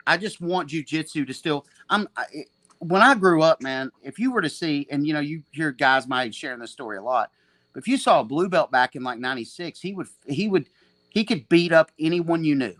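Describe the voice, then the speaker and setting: A man's voice: fairly high pitch, animated, fairly quick, a bit bright, no room sound. Profane, rambling man telling stories. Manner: profane, rambling, self-mocking. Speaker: podcast guest, jiu-jitsu gym owner. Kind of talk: casual storytelling.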